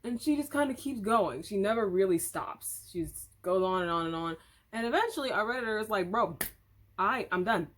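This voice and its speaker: A woman's voice: medium pitch, animated, brisk. A woman vlogger at home retelling an online story in casual commentary, chatty, candid and opinionated. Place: home room.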